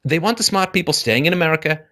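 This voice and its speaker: A man hosting a conversational interview, talking in quick bursts and slipping into mock voices. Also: fairly high pitch, pushed and bright. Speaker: host.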